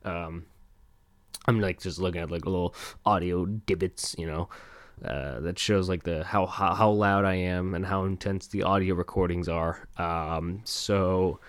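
Host: young man, deep voice, dry close mic, loose and rambling. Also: fairly even intonation, measured pace, no echo. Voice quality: rambling, self-deprecating, swears a lot. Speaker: podcast host. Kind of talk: casual solo podcast rambling. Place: home desk. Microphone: close desk mic.

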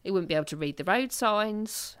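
A woman's voice: medium pitch, expressive, fairly quick, fairly bright tone, clean tone. A woman co-hosting a podcast, reviewing a film in casual chat, sarcastic and swearing freely. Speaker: podcast co-host.

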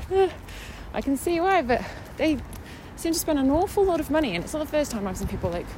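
A woman's voice: sits high, big pitch swings, fairly quick, noisy background. A young woman vlogging, telling her day in a chatty, sarcastic way. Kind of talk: casual chat.

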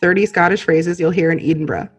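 A woman's voice: on the low side, quick pace, breathy edge, soft background music. Giggly woman hosting a casual podcast. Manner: giggly, playful, lots of "um". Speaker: podcast host. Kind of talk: casual chat between friends.

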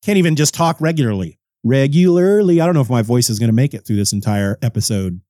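A man's voice: mid-range voice, lively intonation, fast, mellow, dry recording, clean studio sound. A man hosting a podcast while sick, with a stuffy, congested voice, reading lines over and over in a frustrated, self-mocking way. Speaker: podcast host. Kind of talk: casual podcast reading with retakes.

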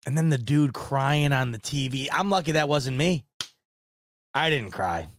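A man's voice: on the high side, a little slow, dry recording, clean studio sound. A man hosting a casual sports podcast, rambling in a frustrated, self-deprecating way and swearing now and then. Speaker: podcast host.

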